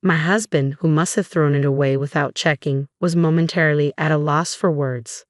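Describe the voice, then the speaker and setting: A woman narrating a first-person story in a steady, scripted way. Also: deep voice, normal speed, no room sound, studio quality.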